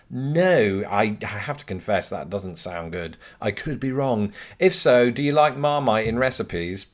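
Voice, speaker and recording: A man's voice: fairly low pitch, animated, normal speed, few pauses, fairly bright tone. A young English man hosting a vlog, answering viewer questions with wry, self-mocking asides. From Britain. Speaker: host.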